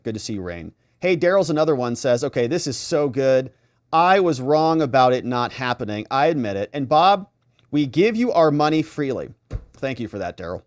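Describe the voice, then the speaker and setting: A man's voice: mid-range voice, very animated, brisk, no echo, clean studio sound. A man hosting a live stream, chatting casually and reading viewer comments aloud with sarcastic asides.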